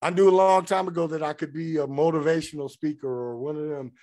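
A man's voice: fairly high pitch, fairly even intonation, quick pace, a little mellow. A middle-aged man hosting a spiritual podcast, reading passages aloud and then riffing on them in a candid, profane, personal way. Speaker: podcast host. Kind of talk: casual spiritual monologue.

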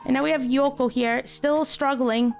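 A woman hosting a gaming channel, giving casual let's-play commentary, exasperated and swinging between high yelps and low mutters. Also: steady tone, moderate pace, vocal fry, faint music behind.

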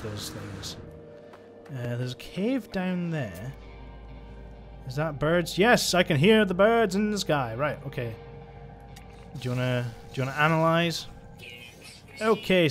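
A man's voice: fairly high pitch, fairly bright tone. A young man giving chatty, exasperated let's-play commentary as he plays, talking to himself. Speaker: gaming channel host.

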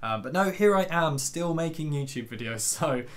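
A man's voice: a little high, expressive, normal speed. A young man in his twenties telling a self-deprecating story for his vlog, rambling with fillers and asides. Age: 20s. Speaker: YouTuber.

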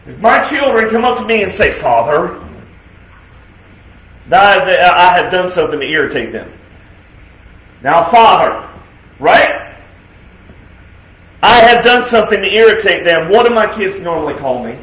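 A man preaching a sermon as pastor, emphatic, asking rhetorical questions and swinging between loud declarations and quiet, soft asides. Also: high voice, sing-song, normal speed, long pauses. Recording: echoey room sound.

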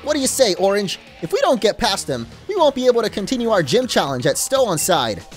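A man's voice: high-pitched, sing-song, fast talker, soft background music, pitched above the performer's own voice. A man voicing an earnest teenage boy rival trainer with a light put-on British accent and an eager, heartfelt way of talking.

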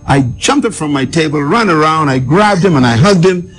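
A man's voice: a little high, animated, moderate pace, a bit bright, faint music behind. A man from the Bahamas, telling a personal story as a guest in an emphatic, dramatic way.

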